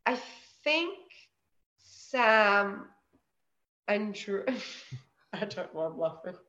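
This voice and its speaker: A woman chatting casually as an interview guest, animated, laughing often and swearing freely. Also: mid-range voice, very slow, highs cut off. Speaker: evicted reality show contestant, guest.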